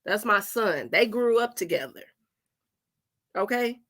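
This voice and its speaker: A woman host, talking emotionally in casual commentary, animated and repeating herself. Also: mid-range voice, a little slow. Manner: animated, repeats herself, apologizes, acts out relatives' voices.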